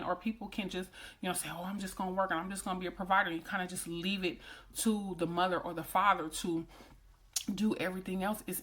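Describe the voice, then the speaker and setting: A woman in her thirties speaks to her viewers in an open, heartfelt way. Her voice sits a little low, and she drifts between prayer and plain talk, repeating lines to drive them home. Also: fairly bright tone, husky. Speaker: vlogger. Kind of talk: emotional personal talk to viewers.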